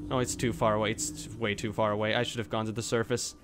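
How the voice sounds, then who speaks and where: A streamer reacting live to a game, swearing constantly, whose voice jumps to squeaky highs when startled. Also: level tone, quick pace, hardly any pauses, fairly bright tone, a little hiss or hum.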